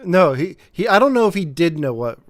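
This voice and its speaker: A man's voice: fairly high pitch, very animated, no room sound. A man co-hosting a movie podcast, tossing out sarcastic jokes. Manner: jokey, quick sarcastic asides. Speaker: podcast co-host. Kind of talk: casual movie review chat.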